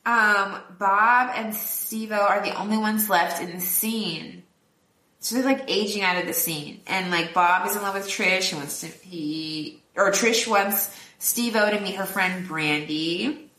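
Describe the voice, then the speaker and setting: A woman's voice: medium pitch, measured pace, bright, forceful tone, reverberant, distant mic. A woman co-hosting a podcast, recapping a film in casual chat, laughing often and acting out characters' lines. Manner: chatty, laughs often, quotes characters in voices. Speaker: podcast co-host.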